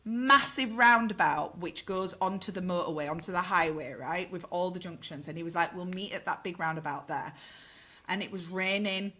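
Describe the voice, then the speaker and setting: A middle-aged woman tells a story on a podcast in a fairly low voice. She talks in a lively, unguarded way and swears freely. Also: normal speed. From north of England. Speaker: podcast guest. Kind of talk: casual storytelling.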